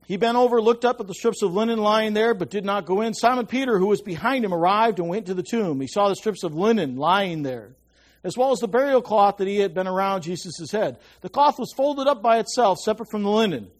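A high, animated male voice moves fairly quickly through a conversational Bible teaching. He often checks in with listeners and drops to a hush to drive a point home.

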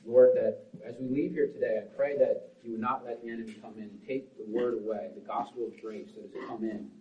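A man preaching a sermon as pastor, swinging between forceful, loud lines and hushed, quiet ones. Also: medium pitch, fairly even intonation, brisk. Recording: roomy, distant, dull sound.

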